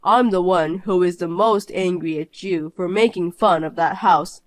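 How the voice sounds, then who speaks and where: A woman voicing a stern middle-aged father in an animated story, scolding firmly and evenly. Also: fairly low pitch, lightly acted. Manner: firm, measured scolding.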